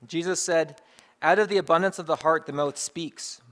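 A man's voice: a little high, steady tone, moderate pace, a bit bright. A man preaching a sermon in a conversational way, driving points home through emphatic repetition. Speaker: pastor.

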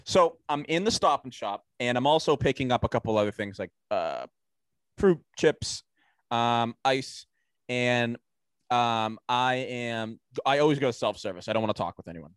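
A man co-hosting a casual podcast spins a rambling, profane anecdote. His voice sits at an ordinary middle pitch and sounds dry and close to the mic. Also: expressive, moderate pace, clean tone, no echo. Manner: profane, anecdotal, acts out quotes. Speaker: podcast co-host. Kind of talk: casual chat, storytelling.

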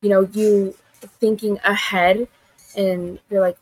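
A woman's voice: medium pitch, little pitch movement, slow pace, dry recording, poor audio. A woman co-hosting a podcast who talks in a reassuring way, often saying "you know". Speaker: podcast co-host. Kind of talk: supportive conversation.

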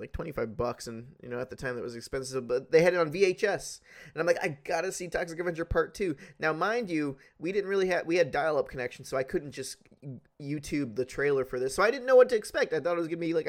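Animated man telling a story. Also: a little high. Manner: animated storytelling, swearing, laughing. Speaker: podcast co-host. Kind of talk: casual podcast chat.

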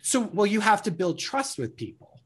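A guest on an interview explains marketing in a casual way, with a voice of middling pitch. The talk runs on anecdotes and acted-out street scenes. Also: very animated, moderate pace, slightly rough. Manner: anecdotal, acts out scenarios.

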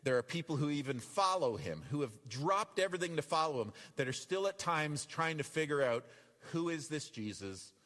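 A man preaching a sermon as pastor, animated and acting out the voices in the passages he reads. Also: a little high, moderate pace, big-room sound. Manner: animated, acts out quoted voices. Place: church.

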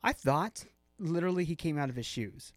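A playful man co-hosting a sports podcast, his voice slightly high and bouncing through a wide pitch range. He teases and needles his co-host in easy banter, heard close and dry. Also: expressive, brisk, no echo. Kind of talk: casual sports chat.

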